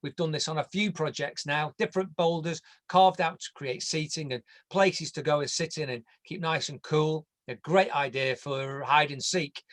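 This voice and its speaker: An English man walks viewers through a landscape design in an online presentation. His voice sits somewhat high for a man. He keeps it casual and jokey, and now and then trips over a word. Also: fairly even intonation, moderate pace, hardly any pauses, a bit bright. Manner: jokey, conversational, stumbles over words.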